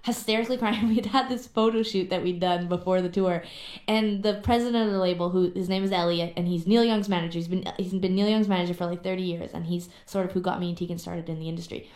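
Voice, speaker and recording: A woman's voice: lowish voice, fairly even intonation, fast, darkish tone, roomy sound. A young adult woman, a musician, telling stories in a casual radio interview with many fillers. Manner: chatty storyteller, many fillers. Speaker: musician guest. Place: radio studio.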